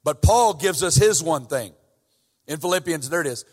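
In a reverberant church hall, a man with a voice on the high side preaches animatedly at a moderate pace. He is a guest preacher whose sermon moves from casual talk to fervent emphasis.

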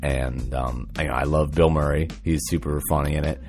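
A man's voice: extremely low pitch, steady tone, normal speed, vocal fry, darkish tone, faint music behind. A man co-hosting a podcast, chatting casually in a laid-back, rambling way with lots of fillers. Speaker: podcast co-host. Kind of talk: casual chat.

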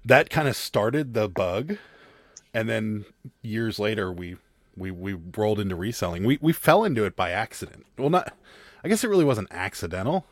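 A man's voice: fairly low pitch, animated, normal speed, no echo, clean studio sound. A man guest in a casual chat, telling a story in a rambling way with many restarts.

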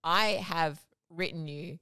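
A woman's voice: on the low side, slow pace, bright, forceful tone, smooth, no echo, studio quality. A middle-aged woman co-hosting a casual comedy podcast, playful and teasing, laughing often. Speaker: podcast co-host.

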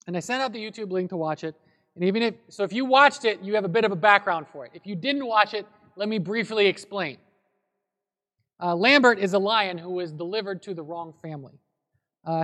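A man preaching a sermon as a pastor, telling a story in a relaxed, conversational way. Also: sits high. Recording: long hall reverb.

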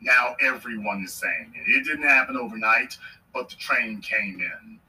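A man's voice: medium pitch, normal speed, pushed and bright, far from the mic, slight background noise, rough recording. A man hosting a podcast, giving a political commentary monologue emphatically and repeating his points for effect. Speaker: podcast host.

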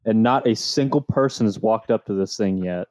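A man's voice: on the low side, normal speed, dry recording. Joking man co-hosting a podcast. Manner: animated, joking, quotes himself. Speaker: podcast co-host. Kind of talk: casual chat.

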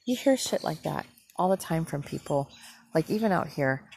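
Low gravelly woman ranting frankly. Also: lively intonation, moderate pace, a little mellow, slight background noise. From Northern United States. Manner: frank, indignant, swears freely. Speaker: podcast host. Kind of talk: casual ranting monologue.

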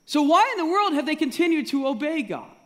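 A man's voice: very high-pitched, very animated, brisk, a bit bright. A man preaching a sermon to his congregation, asking rhetorical questions and repeating key phrases for emphasis. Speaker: pastor. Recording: long reverb of a large hall.

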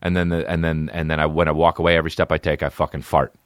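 Deep-voiced, profane podcast host. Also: male voice, little pitch movement, very fast, noisy background. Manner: profane, mocking, swings between mumbling and outbursts. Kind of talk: crude rambling comic chat.

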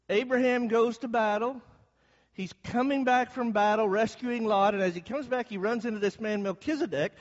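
A man's voice: high-pitched, big-room sound, highs cut off. A man preaching a Bible class, explaining the text and asking his listeners questions as he goes. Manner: asks the audience questions as he explains.

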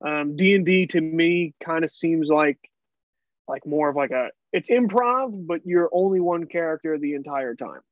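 Chatty higher-voiced man, dull dry sound. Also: normal speed, no room sound. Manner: laughs often, loose and chatty. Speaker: podcast host. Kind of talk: casual chat.

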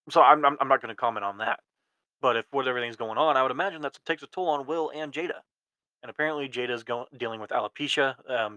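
A man's voice: medium pitch, sharp tone, no echo, rough recording. A man in his mid-twenties hosting a podcast, giving casual commentary in a rambling way with many restarts and filler words. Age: 20s. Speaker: podcast host.

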